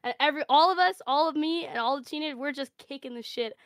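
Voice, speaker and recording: A woman telling an improvised comic story with brash, deadpan delivery and free swearing. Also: high voice, quick pace, no echo. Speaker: panelist.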